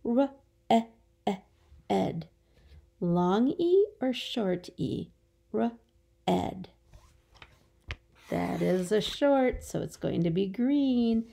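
A woman's voice: mid-range voice, animated, very slow, gravelly, long pauses, mellow. A woman teacher giving a remote phonics lesson to young children, stretching out her words in a patient, encouraging way.

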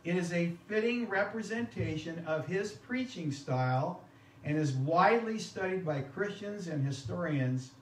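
A man gives a sermon in a relaxed, conversational way, turning to his listeners with questions. His fairly high voice carries through a reverberant church room, picked up from some way off with a faint hum behind it. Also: a little slow. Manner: conversational, asks the congregation questions. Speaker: pastor. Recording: echoey room from a distance.

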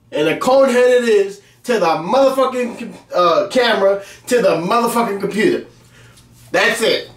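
Brash cursing man with a high voice. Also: a bit bright. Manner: brash, boastful, heavy cursing, mock-angry outbursts. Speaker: web series host. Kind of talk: profane comic rant to camera. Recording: roomy, distant from mic.

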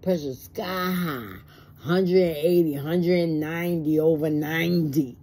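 A woman's voice: low voice, steady tone, slow, dark tone, slightly rough. A stressed woman talking plainly and emotionally in a personal vlog, acting out both sides of conversations. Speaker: vlogger. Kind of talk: personal monologue to camera.

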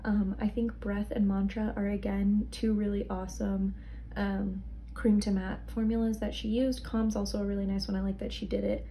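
A woman's voice: medium pitch, little pitch movement, moderate pace, mellow, slight background noise. A young woman casually reviewing products, chatty and rambling, sounding tired. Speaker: beauty vlogger.

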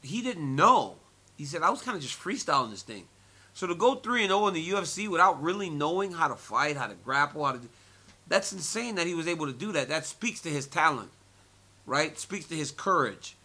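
This is a man in his forties answering reporters' questions, and his voice is bright and sits a little high. He talks in an animated way, laughs often and repeats phrases as he tells his stories. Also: brisk. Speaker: interviewee, former fighter and commentator. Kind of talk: media scrum interview.

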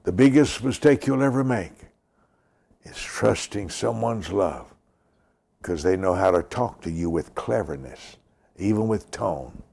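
Slow, gravelly older preacher. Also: male voice, low-pitched, animated, a little mellow. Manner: slow, emphatic, repeats lines, drops to a whisper. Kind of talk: sermon with prayer.

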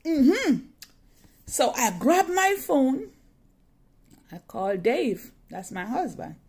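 A woman's voice: high-pitched, big pitch swings, slow pace, a little mellow, slight background noise. A woman telling a personal story in a dramatic, emotional way, often repeating phrases.

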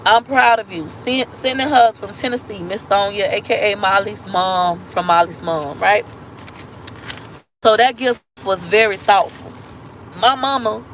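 A woman's voice: mid-range voice, measured pace, fairly bright tone, slight background noise, low-quality recording. A woman in her thirties talking candidly in a personal vlog, emotional, repeating herself and acting out what others said. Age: 30s. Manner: emotional, repeats herself, acts out quoted speech. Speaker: vlogger.

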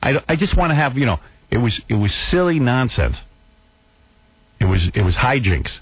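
A man's voice: very animated, moderate pace, slightly rough, dry recording. A male radio host telling an exasperated story in a casual talk-show chat, acting out what people said. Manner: exasperated, acts out quotes in a higher voice. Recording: phone-like narrow radio sound.

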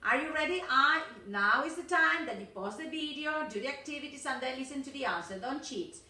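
A middle-aged woman from Argentina teaches an English video lesson, chatty and encouraging, frequently saying "okay" and "yes." Her voice is high-pitched, lively, brisk, pushed and bright, recorded with a distant mic in an echoey room.

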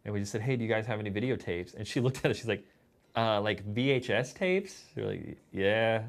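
A man's voice: lowish voice, expressive, fairly quick, gravelly. A man telling stories in a documentary interview, dry and sardonic. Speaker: VHS collector interviewee.

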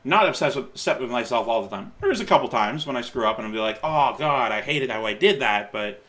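A man's voice: medium pitch, lively intonation, a little fast, fairly bright tone. A man in his late twenties, rambling and self-correcting as he comments on his old video, laughing at himself and offering encouragement. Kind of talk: casual reaction commentary.

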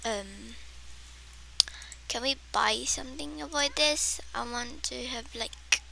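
High, bright, excitable woman. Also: slow pace, vocal fry, a little hiss or hum. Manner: excitable and dramatic, gasping, with playful exaggeration. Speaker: gameplay streamer. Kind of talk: casual gameplay commentary.

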